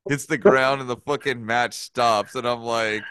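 Male podcast host, clear resonant voice, dry close sound, profane laughing storyteller. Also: medium pitch, steady tone, measured pace, a bit bright, no room sound. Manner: profane, laughing, rambling anecdotes. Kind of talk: casual storytelling chat.

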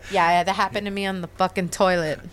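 A woman's voice: fairly low pitch, level tone, fast, clear, resonant tone. A woman in her thirties in a casual chat, blunt and laughing often, swearing freely.

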